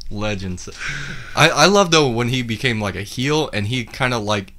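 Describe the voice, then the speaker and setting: A man with a bright, forward voice at a mid pitch, talking in a loose podcast chat. He jumps in eagerly with agreement and his own memories. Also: animated. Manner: eager, chimes in with quick agreement. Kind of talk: casual chat.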